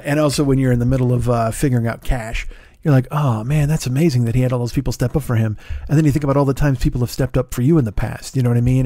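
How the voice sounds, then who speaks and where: A middle-aged man hosting his podcast alone, with a hoarse, tired throat, rambling casually with profane, self-deprecating asides. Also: medium pitch, darkish tone, no echo, studio quality. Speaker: podcast host. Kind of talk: casual solo podcast chat. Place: home studio in Los Angeles.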